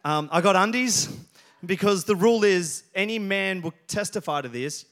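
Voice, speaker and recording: A pastor preaches a sermon in a church hall, joking his way through funny stories and calling members of the congregation by name. His voice is high and a bit bright, with a moderate pace.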